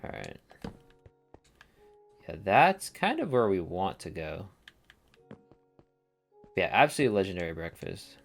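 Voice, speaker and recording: A man's voice: deep voice, huge pitch swings, unhurried, gravelly, pauses often, soft background music. A young man chatting casually and rambling while playing a game, dropping slang as he goes. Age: young adult. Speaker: let's play gamer. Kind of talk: casual gameplay commentary.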